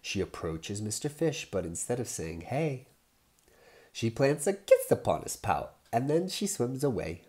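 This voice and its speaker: A man reading picture books aloud as a father, soft and sometimes dropping to a whisper. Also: mid-range voice, sing-song, normal speed, hardly any pauses. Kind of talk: storybook read-aloud.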